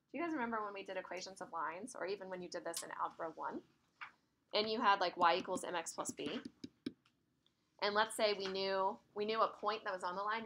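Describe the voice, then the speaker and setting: A woman's voice: mid-range voice, fairly bright tone, a little hiss or hum. A woman teaching an algebra lesson in a classroom, chatty and laughing as she tells stories. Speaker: math teacher. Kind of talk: classroom lecture.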